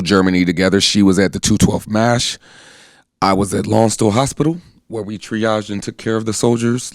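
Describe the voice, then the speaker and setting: In a low, creaky voice on a dry studio-quality recording, a US army veteran in his thirties tells his personal story as a guest. He stays earnest and plainspoken, conversational throughout, and acts out quoted voices.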